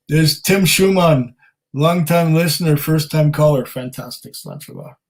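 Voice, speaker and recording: A man with a somewhat high voice hosts a whisky livestream from home. He reads viewer comments aloud in casual, rambling chat and is modest about himself. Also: very animated, takes it slowly, rough recording. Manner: rambling and self-deprecating, with many fillers and laughs. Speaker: whisky channel host.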